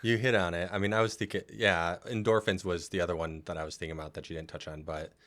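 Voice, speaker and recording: A man's voice: low voice, fairly even intonation, quick pace, fairly bright tone. A man co-hosting a podcast, thinking aloud in a casual, hesitant way. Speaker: podcast co-host.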